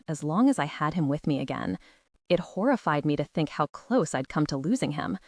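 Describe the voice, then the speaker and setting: A woman's voice: low voice, a little mellow, dry recording, studio quality. A woman narrating a first-person audiobook, telling the story expressively and with feeling.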